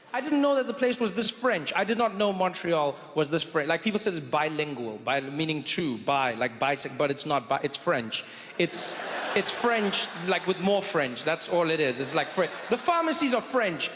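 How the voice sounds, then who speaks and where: A male stand-up comedian performs on stage through a handheld mic, in a wry voice that breaks off and restarts with asides. His voice is high for a man. A long reverb fills the hall, and faint ambience sits underneath. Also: animated, normal speed, background noise. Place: comedy stage in a large venue.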